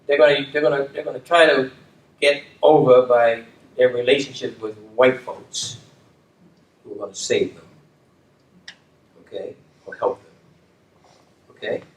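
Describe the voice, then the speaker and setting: A man's voice: mid-range voice, steady tone, a little slow, long pauses. An older man and former dean talking reflectively, restating his points with emphasis and often checking in with "okay?". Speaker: community leader and former dean. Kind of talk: reflective conversation. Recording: roomy, distant mic with faint room noise.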